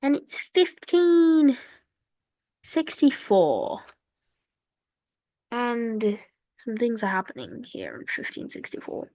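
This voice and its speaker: Slow, rambling woman narrating gameplay. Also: fairly high pitch, sing-song, dark tone, dry recording. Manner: rambling, playful, with sound effects and asides. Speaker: strategy game commentator. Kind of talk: casual gameplay commentary. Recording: dull lo-fi dry recording.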